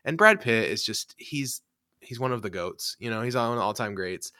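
A man hosting a casual movie podcast, animated and laughing often, restarting his sentences. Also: medium pitch, normal speed, dry recording, clean studio sound. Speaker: podcast host.

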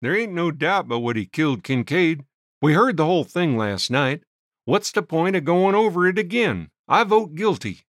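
A man's voice: fairly high pitch, big pitch swings, normal speed, fairly bright tone, no echo, studio quality, pitched above the performer's own voice. A man voicing a loose-jointed hard rock miner who speaks bluntly and impatiently.

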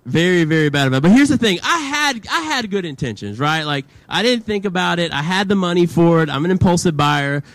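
Young male youth pastor, casual and animated, dry close sound. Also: a little high, no room sound. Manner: casual, chatty, many "like" fillers, acts out quotes. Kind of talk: storytelling sermon to teenagers.

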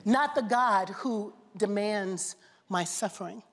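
A woman's voice: medium pitch, slow pace. Woman preaching a sermon in a reverberant hall. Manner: preaching with rising, rhythmic repeated phrases and questions to the congregation. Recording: long reverb of a large hall.

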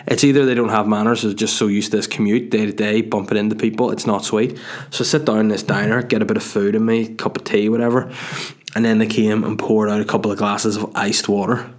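A man's voice: fairly low pitch, little pitch movement, fast. A man hosting his own podcast from his dining room, telling a profane, self-mocking, rambling story with stumbles and restarts. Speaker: podcast host and stand-up comedian. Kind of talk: casual solo podcast storytelling.

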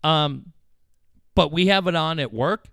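Excitable man, smooth voice, dry sound. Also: measured pace, dry recording. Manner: excitable, swears freely, acts out quotes with big pitch jumps. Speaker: radio show host. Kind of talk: casual on-air chat.

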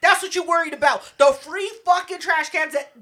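A young woman with a high, bright voice in casual chat. She is sassy and exasperated and swears a lot as she talks. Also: brisk.

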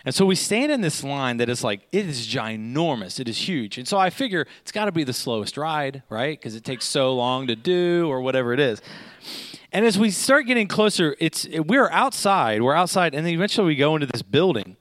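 A man's voice: on the high side, very animated, a little fast, fairly bright tone, dry recording. A middle-aged man telling a humorous personal story to an audience, often checking in with "okay?" and "right?".

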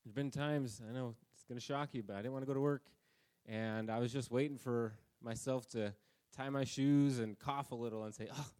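A man's voice: mid-range voice, steady tone, normal speed, darkish tone, clean tone. A man preaching a conversational sermon at a church service, telling anecdotes about himself. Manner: casual, self-deprecating, anecdotal. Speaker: pastor.

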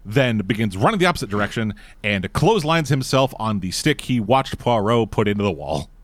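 A man's voice: fairly low pitch, a little fast, no echo. A man co-hosting a casual movie review chat, talking bluntly and swearing freely. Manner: profane, blunt, animated. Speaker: podcast co-host.

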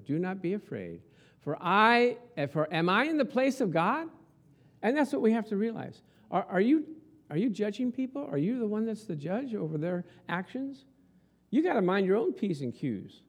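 A male pastor whose warm voice sits on the high side gives a conversational sermon. In a chatty manner, he tells a story and poses rhetorical questions to the congregation along the way.

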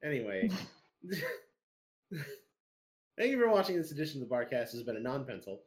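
A man hosting a podcast in casual chat, easygoing and quick to chuckle. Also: medium pitch, sing-song. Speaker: podcast host.

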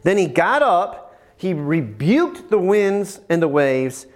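A man preaching a sermon, emphatic and animated, with bursts of praise. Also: high voice, takes it slowly.

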